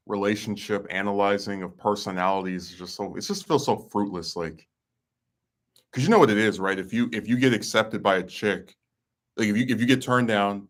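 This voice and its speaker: Blunt, sarcastic lower-voiced man. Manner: blunt, sarcastic, exasperated rant. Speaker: podcast host. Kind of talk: casual chat.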